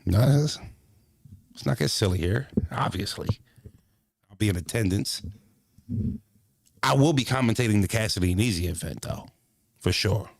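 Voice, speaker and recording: A man's voice: lowish voice, animated, moderate pace, vocal fry, long pauses, dry recording. A man streaming casually as a battle-rap commentator, talking in a brash, profane, rambling way and repeating himself.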